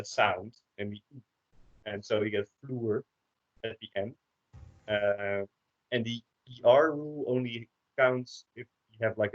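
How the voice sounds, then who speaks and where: A Dutch man teaching a language class online, explaining slowly with many hesitations. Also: mid-range voice. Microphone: computer microphone on a video call. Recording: dull lo-fi call audio.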